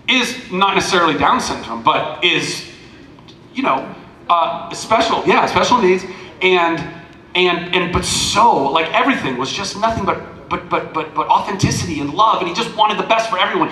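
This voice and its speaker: Rambling bright-voiced man in an echoey hall. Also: a little high. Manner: verbose and tangential, rambling with restarts. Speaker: celebrity panel guest. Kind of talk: emotional storytelling at a fan convention panel. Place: large convention panel room.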